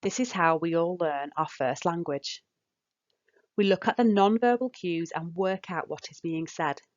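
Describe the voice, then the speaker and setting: A woman calmly narrating practical guidance for parents as a speech and language therapist, in a measured, instructive way. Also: fairly low pitch. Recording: dull, muffled voice-over.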